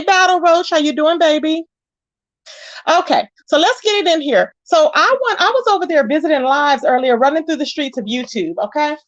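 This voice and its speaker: A woman hosting a casual live gossip stream, greeting viewers by name and retelling the drama with lively quoted voices. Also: high-pitched, no room sound, lo-fi sound. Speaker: host of a live gossip channel. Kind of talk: casual livestream chat.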